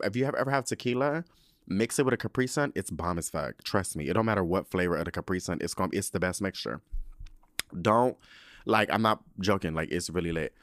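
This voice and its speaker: A man's voice: lowish voice, fairly bright tone, dry recording, clean studio sound. A man hosting a podcast, recapping a show in casual, sassy, profane chat full of slang while sipping a drink. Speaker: podcast host.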